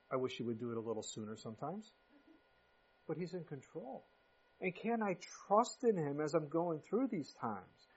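A man's voice: fairly high pitch, darkish tone, breathy edge. A pastor in his fifties preaching a sermon in a conversational way, with sudden emphatic rises. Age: 50s. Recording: muffled lo-fi recording.

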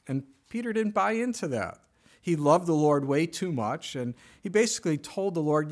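A male pastor preaching a conversational sermon, his voice dropping soft and quiet in emotional moments. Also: on the high side, lively intonation, moderate pace.

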